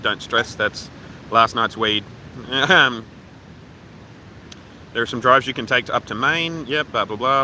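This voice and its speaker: A man's voice: mid-range voice, bright, forceful tone, a little hiss or hum, rough recording. An Australian man livestreaming outdoors from his phone, rambling casually and swearing freely while reading viewer comments. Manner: rambling, profane, offhand. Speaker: livestream host. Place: outdoors at a waterfall park.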